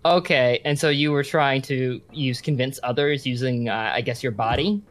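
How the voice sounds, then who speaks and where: A man's voice: medium pitch, normal speed. Man running a tabletop game. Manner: relaxed, explaining rules. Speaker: game master.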